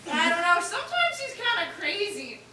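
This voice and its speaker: Young woman as a chatty, lively chicken club president, bright voice, live improv, echoey hall. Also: very high-pitched, moderate pace, recorded from a distance, slight background noise, full character voice. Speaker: improv performer. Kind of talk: live improv comedy scene.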